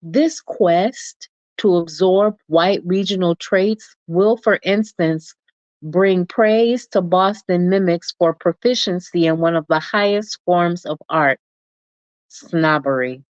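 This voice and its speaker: Woman slowly reading a nonfiction book out loud, kinda low voice, dry dull lo-fi audio. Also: no room sound. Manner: deliberate, measured reading. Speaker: reader.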